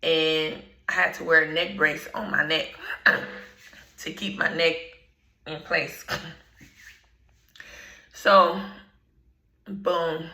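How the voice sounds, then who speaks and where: A woman telling a personal story in slangy, laid-back storytime talk, often clearing her throat. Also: sits low, steady tone, extremely slow, long pauses, sharp tone, reverberant, poor audio. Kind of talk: casual storytime.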